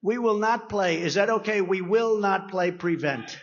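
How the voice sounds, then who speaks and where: A man delivers a meandering, conversational campaign rally speech at a podium microphone, often slipping into acted-out dialogue. His voice sits notably high for a man. The recording is slightly dull and muffled. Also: normal speed. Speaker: political speaker at a rally. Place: rally venue.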